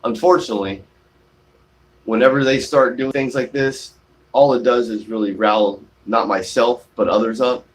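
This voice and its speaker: A man's voice: medium pitch, steady tone, moderate pace. A man live-streaming from his shaded porch, chatting casually and reading out viewer comments, rambling with many fillers and restarts. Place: outdoors on a shaded home porch.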